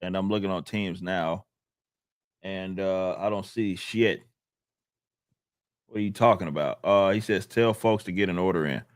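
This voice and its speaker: A man's voice: low voice, moderate pace, long pauses, no echo, clean studio sound. A man hosting a casual podcast, laid-back and chatty as he reads out and thanks supporters. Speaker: podcast host reading donations.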